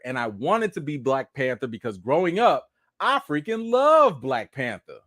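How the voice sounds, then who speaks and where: A young adult man hosting a live chat stream about film news, talking straight to his viewers in a casual, animated way. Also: mid-range voice, no echo, clean studio sound. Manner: animated, talks straight to viewers with lots of "y'all" and "okay".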